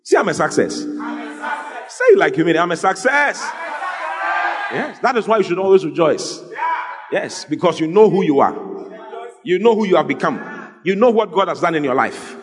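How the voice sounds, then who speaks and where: A man preaching an animated, lively sermon as a pastor, joking with his congregation. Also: on the high side, moderate pace, long pauses, a crowd in the background. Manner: animated, exclaiming, jokes with the congregation. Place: church hall. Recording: long hall reverb, faint music.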